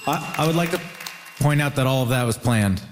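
A man from Ontario doing stand-up and panel banter in a wry, deadpan, self-mocking way. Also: mid-range voice, fairly quick, long reverb tail, heavy background noise.

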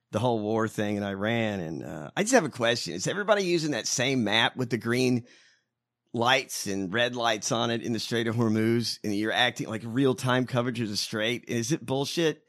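A man's voice: mid-range voice, a little fast. A man co-hosting a casual political chat show, riffing jokes and swearing freely. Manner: animated, profane, riffing jokes. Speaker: podcast co-host.

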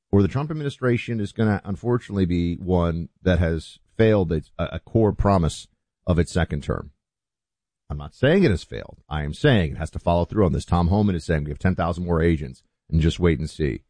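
A man hosting political talk radio who speaks forcefully and sarcastically and acts out little stories. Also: low-pitched, no room sound. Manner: forceful, sarcastic, animated storyteller. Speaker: radio host.

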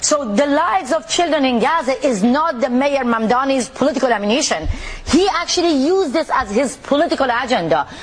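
A woman from Iran, an activist speaking forcefully and indignantly as an interview guest. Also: high voice, lively intonation, a little fast, few pauses, slight background noise.

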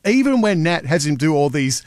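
A jokey man talking into a radio mic between segments. His voice runs a little high and sits dry and close. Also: big pitch swings, brisk, no echo. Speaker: radio host. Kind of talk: casual radio link.

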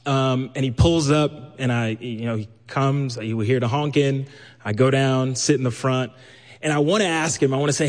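A man from Brooklyn telling a personal story live, lively and acting out the voices he quotes. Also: mid-range voice, moderate pace. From New York, Brooklyn. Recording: long hall reverb.

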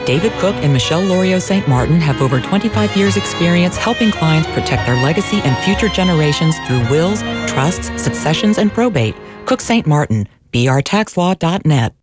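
A woman reading station underwriting and promos in a brisk, crisp manner. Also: fairly low pitch, lively intonation. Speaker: station announcer. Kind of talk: scripted underwriting read. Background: loud music bed.

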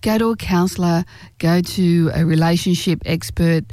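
A woman giving relationship advice in a direct, earnest way, slowing down to stress key phrases. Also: fairly low pitch, warm tone, no echo. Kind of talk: direct-to-camera advice talk.

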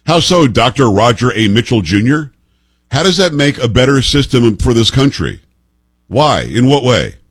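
A man in his fifties delivers opinionated political commentary with a husky voice that swings widely in pitch. He sounds emphatic and sarcastic and leans on rhetorical questions. The sound is dry and close. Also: sing-song, moderate pace, no room sound. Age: 50s.

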